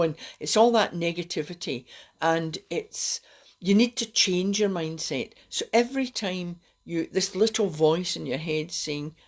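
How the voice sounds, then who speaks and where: A woman's voice: lowish voice, a little slow, darkish tone. A middle-aged woman, hosting a rambling, encouraging self-help talk on a live stream. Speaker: host.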